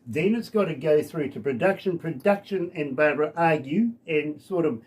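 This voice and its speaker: A man's voice: fairly high pitch, moderate pace, darkish tone. A man from New Zealand hosting a radio interview, chatty and jokey, poking fun at himself. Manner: jokey, chatty, self-deprecating. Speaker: radio host.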